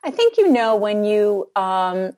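An older woman speaking as a guest expert in a conversational interview, thoughtful and measured, pausing with fillers as she explains. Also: mid-range voice, big pitch swings, a little mellow.

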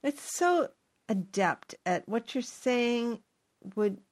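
A woman's voice: a little high, slow. Engaged older woman hosting an interview. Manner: engaged, animated questioning. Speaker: interview host. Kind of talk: conversational interview.

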